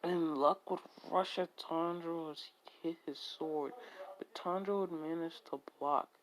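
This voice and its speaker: A woman's voice: sits low, steady tone, a little slow, a little hiss or hum, rough recording. A woman improvising a fan story in a rambling way, with frequent restarts and repeated "would be like" tags.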